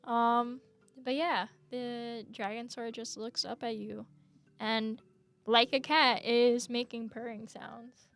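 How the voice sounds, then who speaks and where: A woman's voice: fairly high pitch, fairly even intonation, slow pace, fairly bright tone, smooth. Hesitant young woman game master. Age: young adult. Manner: hesitant, lots of fillers. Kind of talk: narrating a tabletop game.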